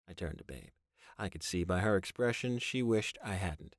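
A man's voice: sits low, animated, moderate pace, dry recording, studio quality. A man reading a first-person story aloud, wry and sardonic in his narration. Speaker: audiobook narrator.

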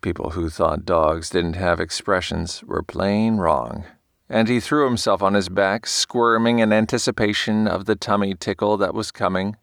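A man narrating an audiobook in a measured storytelling manner. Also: sits low, steady tone, gravelly, no echo, studio quality. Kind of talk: scripted narration.

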